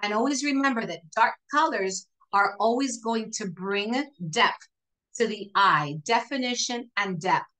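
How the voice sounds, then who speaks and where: A woman's voice: on the high side, unhurried, sharp tone, rough recording. A woman hosting a live makeup tutorial, chatty and encouraging, talking viewers through each step as she works. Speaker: makeup demonstrator.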